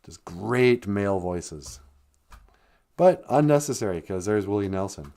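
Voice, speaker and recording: A man's voice: low voice, normal speed, mellow. A man hosting a casual comedic chat, rambling and joking with strong opinions. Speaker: podcast host.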